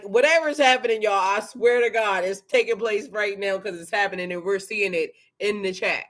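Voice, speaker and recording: A tarot reader doing a casual live card reading, excitable and chatty, swearing freely and talking to viewers and a helper. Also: mid-range voice. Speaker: tarot reader and spiritual coach.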